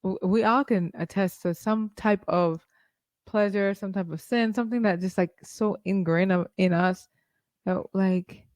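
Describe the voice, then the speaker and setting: A man's voice: high voice, steady tone, measured pace, no room sound. A man co-hosting a podcast, chatting casually about faith and agreeing often with lots of "like" fillers. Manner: agreeable, lots of "like" and soft "mm" backchannels. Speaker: podcast co-host.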